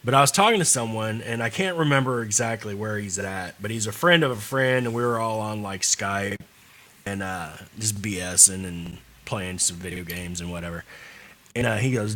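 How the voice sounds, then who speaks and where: A man's voice: fairly low pitch, normal speed. A man with a slight Southern drawl co-hosting a podcast, joking and swearing casually. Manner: animated, jokey, profane. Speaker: podcast co-host. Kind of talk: casual chat.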